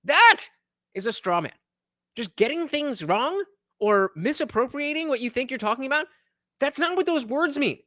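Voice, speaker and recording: A man's voice: very high-pitched, animated, normal speed, pushed and bright, dry recording, clean studio sound. A young man from New Jersey with a New Jersey accent, giving sarcastic reaction commentary on a debate clip and mocking the speakers. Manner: sarcastic, mocking, mimics others in put-on voices.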